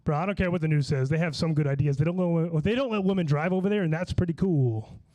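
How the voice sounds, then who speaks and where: Man, stand-up comedian, slightly high voice, a bit slurred, rambling restarts, swearing. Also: quick pace, darkish tone, lo-fi sound. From Long Island, New York. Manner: loose, rambling delivery with many restarts and swearing.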